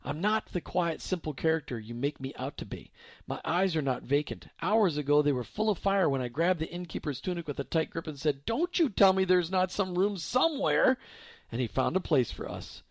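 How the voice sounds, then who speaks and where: A determined, watchful Joseph speaks firmly in a deeper voice, insisting he is a protector and not a background figure, as a man reads him in a storybook telling. His lines swing with lively emphasis. The recording is dry and close. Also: moderate pace, no echo. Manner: firm, deeper voice.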